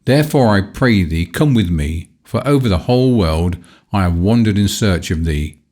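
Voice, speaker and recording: A man's voice: sits low, expressive, moderate pace, darkish tone. A man voicing a ragged beggar woman who pleads with her lost son in archaic speech in a storybook reading. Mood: pleading.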